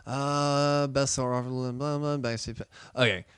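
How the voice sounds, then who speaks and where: A man from South Carolina with a Southern accent, hosting a casual podcast chat in an animated, profane, joking way. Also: mid-range voice, a little slow, clear, resonant tone, dry recording, clean studio sound. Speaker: podcast host.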